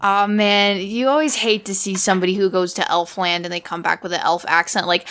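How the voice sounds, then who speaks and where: A woman's voice: medium pitch, fairly even intonation, a little fast, few pauses, a bit bright, a little hiss or hum. A woman playing a tabletop game, narrating her character with wry, chatty asides. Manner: wry, chatty, lots of fillers. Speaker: player. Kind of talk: casual tabletop game play.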